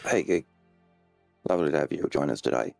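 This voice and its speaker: Gravelly deep-voiced man, under the weather. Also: fairly quick, a little mellow, soft background music. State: sick, voice worn. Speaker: co-host. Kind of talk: casual podcast chat.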